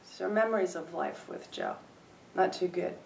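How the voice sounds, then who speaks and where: A woman poet reading her own poems aloud, with low-key, wry asides between them. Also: huge pitch swings, moderate pace, vocal fry, slight background noise. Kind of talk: poetry reading with spoken asides. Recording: roomy sound from a distant mic.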